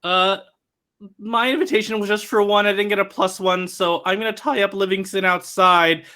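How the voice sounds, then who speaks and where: A man's voice: high-pitched, steady tone, normal speed, sharp tone. A man playing a tabletop game in character, speaking politely and a little hesitantly. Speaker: player.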